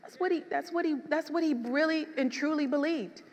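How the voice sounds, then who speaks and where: Woman preacher, higher register, soft-to-emphatic sermon delivery, reverberant hall. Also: a little fast. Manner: animated, swings from soft to emphatic.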